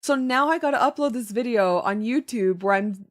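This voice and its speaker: A young woman hosts a livestream, drawing while she chats casually and laughing often as she reads and replies to her chat. Her voice is on the high side at a normal speed.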